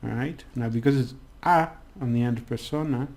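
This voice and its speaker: Man, casual lesson, mellow voice, rambling with restarts. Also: mid-range voice, brisk, creaky, slight background noise. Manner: chatty, rambling, many restarts and fillers. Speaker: language teacher.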